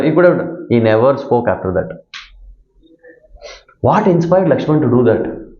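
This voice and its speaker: A man's voice: mid-range voice, sing-song, unhurried, long pauses. Indian male spiritual teacher, storytelling lecture, roomy dull recording, acts out the dialogue. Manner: acts out characters' lines, asks audience to repeat. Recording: dull echoey hall recording.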